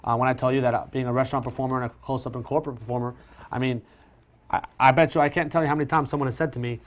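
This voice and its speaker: A man talks fast and loosely, jumping between thoughts with restarts and little jokes at his own expense. The sound is dull and slightly lo-fi, like a low-grade stream. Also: steady tone. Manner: chatty, self-deprecating, many restarts. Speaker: professional magician guest. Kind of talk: casual conversational chat.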